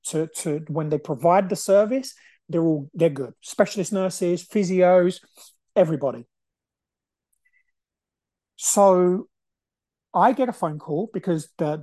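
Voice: medium pitch, mellow, dry recording. A podcast host in their forties, talking through a personal story in an emphatic, determined way and repeating phrases for stress. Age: 40s.

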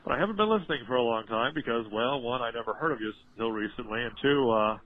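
A man's voice: medium pitch, fast talker. Jokey man leaving a lo-fi voicemail. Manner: jokey, rambling, coughing. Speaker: caller. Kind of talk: voicemail to a podcast. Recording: dull lo-fi voicemail playback.

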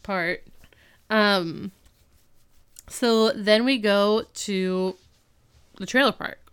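Woman podcaster rambling through a recap, super smooth clear voice. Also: mid-range voice, extremely slow. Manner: rambling retelling full of "like" and "um". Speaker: podcast co-host recapping an episode. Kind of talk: casual chat.

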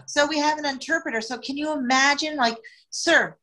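A woman's voice: high voice, fairly even intonation, fast, bright, forceful tone, low-quality recording. A woman, a podcast guest, telling a travel story with lots of expression, often laughing and acting out quotes. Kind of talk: animated storytelling.

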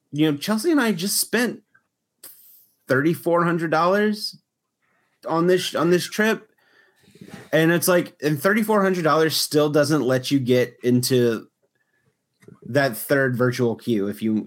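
A man's voice: a little high, animated, unhurried, pauses often. Rambling young man telling a story. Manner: rambling storytelling with frequent restarts. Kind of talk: casual chat.

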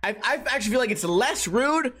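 Profane rambling podcast host, high voice. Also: male voice, lively intonation, fairly quick, bright, forceful tone, breathy edge. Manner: profane, rambling, self-deprecating. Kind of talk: casual solo podcast monologue.

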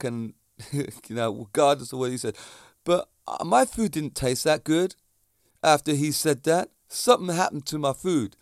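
A man's voice: fairly high pitch, lively intonation, normal speed, long pauses, dry recording, studio quality. A man, a fitness instructor giving a chatty, digressive monologue that speaks straight to the viewers. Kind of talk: casual monologue to camera.

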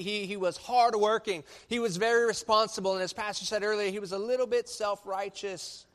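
A man preaching a sermon as pastor, telling a story with animated swings from soft to loud. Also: a little high.

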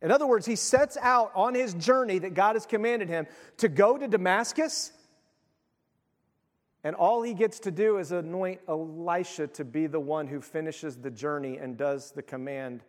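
A man with a fairly high voice preaches a sermon in a relaxed, conversational style. He breaks off and restarts his sentences as he goes. The sound carries a long reverb from a church hall. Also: normal speed. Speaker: pastor.

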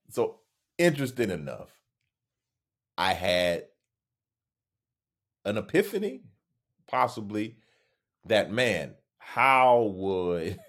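A man in his thirties with a drawl hosts his own show, talking to listeners alone. His voice sits low and moves at an unhurried pace. He slips in self-mocking jokes, then lifts into bursts of emphatic encouragement. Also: a bit bright. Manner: musing, self-deprecating, joking asides; slow, drawn-out phrasing with sudden emphatic rises. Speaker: podcast host. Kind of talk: reflective solo monologue.

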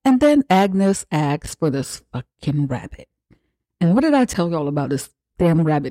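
Podcast host, casual film recap, blunt and profane, acts out character lines, warm dark voice, dry close sound. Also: medium pitch, big pitch swings, normal speed, no echo.

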